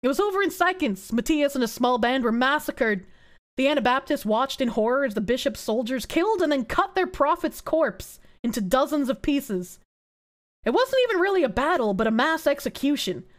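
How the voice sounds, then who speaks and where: A woman's voice: high voice, lively intonation, normal speed. A young adult woman streamer reading history aloud and breaking off for sarcastic, swearing asides to her chat.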